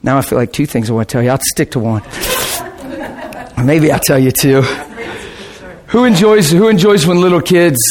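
A man preaching as a pastor, telling a story casually with lively swings between low asides and excited high bursts. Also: moderate pace, long pauses, a crowd in the background. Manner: casual, rambling, with restarts and laughter. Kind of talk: sermon storytelling.

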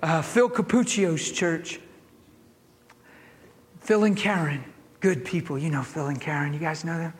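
A man's voice: a little high, unhurried, pauses often, big-room sound. A man preaching in a church, telling a healing story with laughs and acted-out voices. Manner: animated, laughing, acts out voices in his story. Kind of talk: storytelling sermon.

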